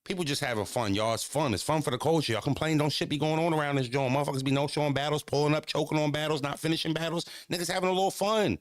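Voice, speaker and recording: A man who is a battle rapper, ranting casually to his live-stream chat, animated and repetitive, swinging from low mutters to high exclamations. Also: racing, hardly any pauses, dry recording, clean studio sound.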